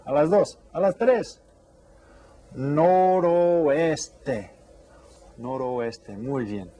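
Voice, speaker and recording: A man teaching an elementary Spanish lesson to children, with slow, clear, patient speech that switches between English and Spanish. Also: mid-range voice, dark tone.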